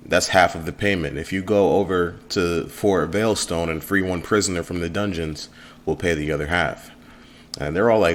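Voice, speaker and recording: A man casually narrating a let's play of his own game demo, relaxed and rambling with fillers. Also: sits low, a little fast.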